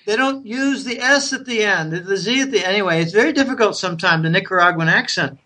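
An American man rambles through stories in casual podcast talk. His voice is bright and forward, and he slips into other people's voices when he quotes them. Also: high voice, fast talker. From United States. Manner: rambling storyteller, acts out friends' voices in quotes.

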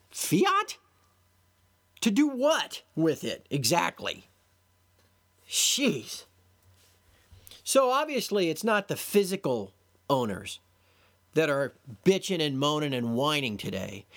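Man, solo podcast host, exasperated, sarcastic, lecturing, swooping animated pitch. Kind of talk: solo commentary monologue.

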